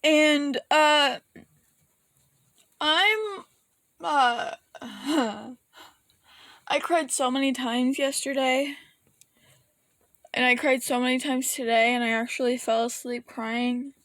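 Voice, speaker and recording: A woman's voice: sits high, steady tone, takes it slowly, pauses often, a bit bright, dry recording. A woman vlogger rambling through an emotional, casual rant, swearing now and then and sometimes close to tears. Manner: rambling, emotional, breaks into laughs and near tears; curses casually.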